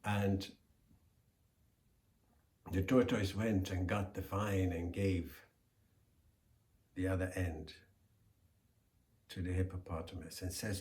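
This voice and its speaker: A man telling a folk tale in a slow, deliberate, expressive way. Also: low voice. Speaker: storyteller. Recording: echoey room.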